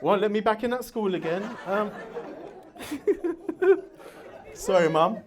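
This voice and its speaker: A man doing a stand-up comedy routine on stage, loud and brash, laughing at his own jokes. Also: sits high, slow, some chatter behind.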